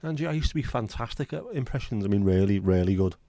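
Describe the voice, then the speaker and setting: Low-voiced, sweary livestream host. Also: male voice, expressive, quick pace, mellow. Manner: chatty, swears freely, self-deprecating. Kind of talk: casual chat.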